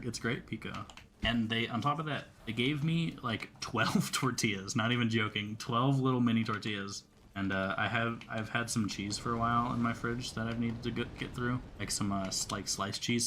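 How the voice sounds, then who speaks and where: A man's voice: on the low side, a bit bright, a little hiss or hum. Casual young man talking over gameplay. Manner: rambling, swears freely, talks to the enemy. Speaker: gameplay streamer.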